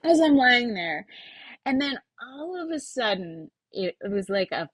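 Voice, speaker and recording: A woman's voice: on the high side, big pitch swings, measured pace, slightly rough, dry recording. A middle-aged woman, a podcast guest, telling a personal story animatedly, laughing often and swearing freely. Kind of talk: casual storytelling.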